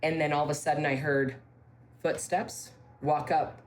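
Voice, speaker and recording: A woman from a ranch telling ghost stories in casual talk, emphatic, with halting restarts and key phrases repeated. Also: deep voice, flat delivery. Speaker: ranch staff member interviewed about ghost stories. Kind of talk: casual spoken storytelling.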